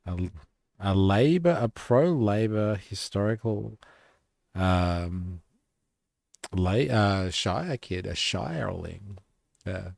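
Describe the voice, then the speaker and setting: A man's voice: deep voice, expressive, slow, vocal fry, long pauses, darkish tone, no room sound, clean studio sound. A man hosting a live stream, chatting casually, swearing and reading chat comments aloud. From Australia.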